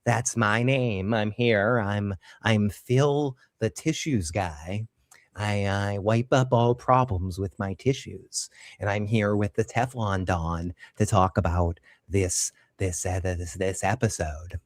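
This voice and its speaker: A man's voice: lowish voice, no room sound, studio quality, voice pushed down. A man putting on the voice of a creepy male professor, the tissues guy, who co-hosts a livestream. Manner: slow, halting, creepy delivery. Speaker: co-host.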